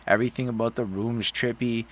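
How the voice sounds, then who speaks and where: A man's voice: mid-range voice, steady tone, a little fast. A man co-hosting a podcast, talking through an album in a casual, blunt, profane and rambling way. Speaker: podcast co-host. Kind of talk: casual album review chat.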